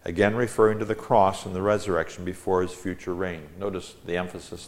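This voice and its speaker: A man's voice: sits low, steady tone, fairly quick, creaky, hardly any pauses. A man preaching a Bible-teaching sermon, reading Scripture aloud with rising emphasis and explaining it.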